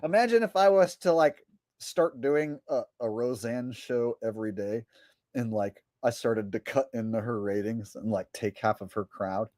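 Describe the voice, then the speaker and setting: A man's voice: on the low side, fairly even intonation, measured pace, a little mellow, no echo. A man, a comedian, chatting casually on a livestream, rambling and joking as he reads viewer messages. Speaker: comedian and streamer.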